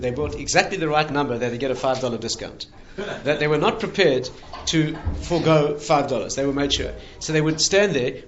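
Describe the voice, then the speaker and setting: A man's voice: on the high side, lo-fi sound. A rabbi telling stories in a conversational lecture, laughing at his own punchlines. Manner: animated anecdotes, laughing at punchlines. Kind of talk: conversational storytelling talk.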